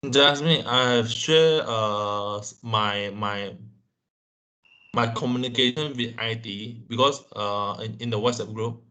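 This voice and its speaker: A man's voice: medium pitch, slow, bright, forceful tone. A man with a Malaysian English accent, a course participant speaking on a video call, stumbling and repeating words as he explains. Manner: hesitant, repeats words while searching for phrasing.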